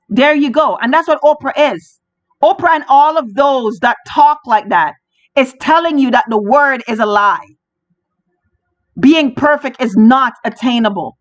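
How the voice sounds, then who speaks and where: A woman's voice: sits high, expressive, a little slow. A woman hosting a podcast, delivering religious commentary in an emphatic, preachy way and repeating phrases for stress. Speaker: podcast host. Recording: dull lo-fi sound.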